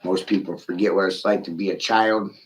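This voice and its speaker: A man's voice: low-pitched, fairly even intonation, fairly quick, slight background noise, rough recording. A middle-aged man ranting profanely in a rambling livestream monologue, speaking straight to a viewer.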